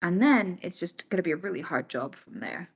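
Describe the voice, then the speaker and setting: A woman's voice: fairly low pitch, very animated, brisk, gravelly, breathy edge. A British woman streaming live, answering her chat casually and bluntly, swearing freely and moving between jokes and serious points.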